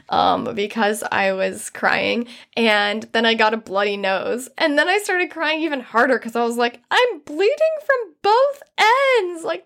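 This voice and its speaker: A woman's voice: mid-range voice, creaky, a bit bright. A young woman hosting a podcast, candidly telling a personal story in a rambling way, with many fillers and laughter through hard moments. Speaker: podcast host.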